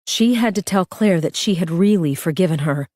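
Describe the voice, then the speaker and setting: A woman's voice: on the low side, animated, normal speed, a little mellow, no room sound, studio quality. A woman narrating a thriller audiobook with a tense, urgent reading.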